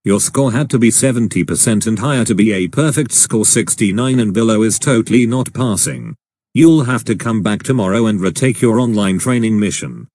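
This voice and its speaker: A man's voice: fairly low pitch, moderate pace, a little mellow, no echo, clean studio sound, lightly acted. A man voicing an angry, insulting boss in a cartoon, scolding in a harsh, synthetic-sounding way. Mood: furious. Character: furious, insulting male boss. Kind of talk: animated cartoon dialogue.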